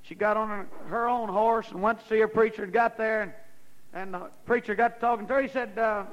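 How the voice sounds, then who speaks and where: Male preacher, very high voice, folksy storyteller turning fervent. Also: fairly quick, highs cut off. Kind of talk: sermon.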